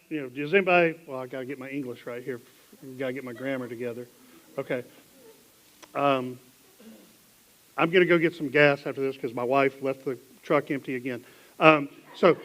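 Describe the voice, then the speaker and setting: A man with a Southern American accent preaching a sermon in a church, reading scripture dramatically and dropping into quiet asides. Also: a little high, moderate pace, poor audio. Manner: animated, dramatic Bible reading with sudden drops to hushed asides. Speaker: pastor. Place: church sanctuary.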